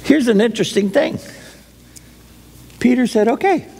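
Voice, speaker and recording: Male preacher, higher voice, unhurried folksy storyteller; reverberant hall. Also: animated. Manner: folksy storytelling, acts out quotes. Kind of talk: sermon.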